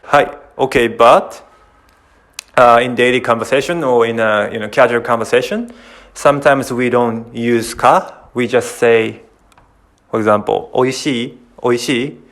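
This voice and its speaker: A man's voice: medium pitch, unhurried, fairly bright tone. Japanese man teaching a language lesson. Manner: repeats phrases, restarts sentences while explaining. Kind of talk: casual online language lesson.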